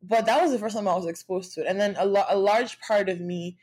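A woman's voice: mid-range voice, fast talker, a little mellow, breathy edge. A young woman from Nigeria telling a personal story in a candid, conversational vlog, with frequent fillers and restarts. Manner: occasional laughs while speaking. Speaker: vlogger.

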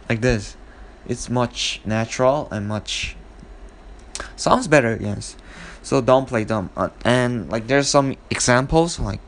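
Man explaining English in halting learner speech. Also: mid-range voice, expressive. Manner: explains slowly with hesitant fillers and acted-out example quotes; non-fluent learner's English grammar. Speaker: host of an English expression podcast. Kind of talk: casual spoken English lesson.

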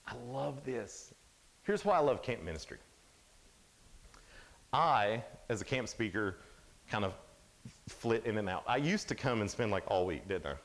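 A man in his thirties giving an animated youth camp sermon, storytelling and acting out the characters' lines. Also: a little slow, long pauses. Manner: animated storytelling, acts out quotes in a higher voice. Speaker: camp speaker.

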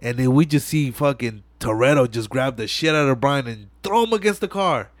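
A man's voice: mid-range voice, a little fast, no room sound. A young man hosting a podcast, retelling a film scene by scene in casual, profane slang. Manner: slangy, profane, animated storytelling. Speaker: podcast host. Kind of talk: casual movie recap chat.

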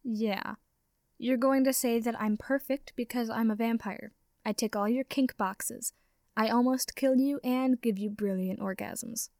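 A woman's voice: a little high, fairly even intonation, measured pace, a little mellow, dry recording, studio quality. A woman reading the lines of a scornful, defensive young male vampire in a sarcastic, sneering manner.

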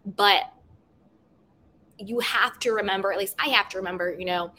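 A woman hosting a self-help podcast, talking gently and repeating affirmations, with many "you know" fillers. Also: medium pitch, normal speed, slight background noise. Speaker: podcast host.

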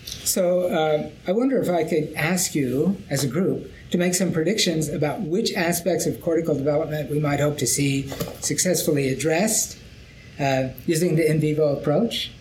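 Measured man hosting a science podcast. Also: on the high side, darkish tone, slight background noise, rough recording. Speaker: podcast host. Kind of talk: academic panel podcast.

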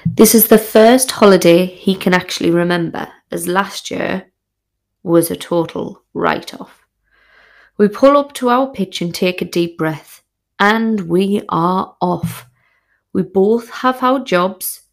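A woman's voice: lowish voice, slow, vocal fry. A woman telling a frank, sweary, comic personal story as a podcast host.

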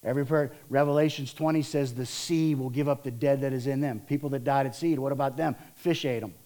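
Lively preaching pastor, a man. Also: medium pitch, brisk. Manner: lively storytelling, acts out voices of disciples and Martha. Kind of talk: sermon.

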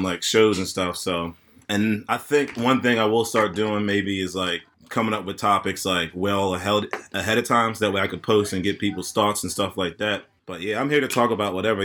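Bright-voiced man hosting a podcast in his thirties. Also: lowish voice. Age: 30s. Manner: rambling, easygoing, laughs often. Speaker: podcast host and bartender. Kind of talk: casual birthday podcast chat.

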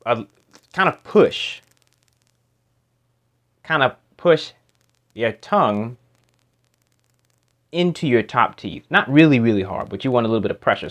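A man teaching how to make a speech sound, explaining slowly and repeating practice words and sounds in a demonstrative way. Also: medium pitch, a bit bright. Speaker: pronunciation teacher. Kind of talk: instructional explanation. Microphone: home microphone.

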